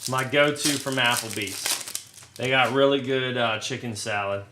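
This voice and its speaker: A man's voice: medium pitch, measured pace, echoey room, noisy background. A man hosting a live card break in casual chat, crude and joking as he rattles off player names.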